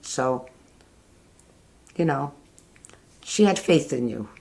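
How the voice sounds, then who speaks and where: A woman's voice: rumbling low, expressive, creaky, a little mellow. Older woman fondly reminiscing. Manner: fond, halting storytelling with restarts. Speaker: interviewee, mother. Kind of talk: casual family reminiscing.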